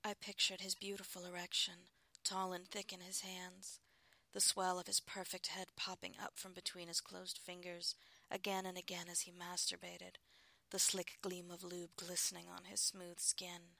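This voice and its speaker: A woman reading a first-person adult story in a soft, breathy, intimate voice. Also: fairly low pitch, completely flat delivery, normal speed, dry recording. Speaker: narrator.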